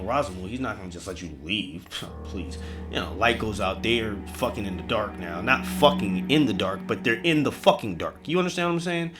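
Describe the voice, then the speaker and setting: Animated, profane male storyteller. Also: medium pitch. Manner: profane, rambling, animated, talks to listeners directly. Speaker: podcast host. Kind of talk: comedic horror storytelling.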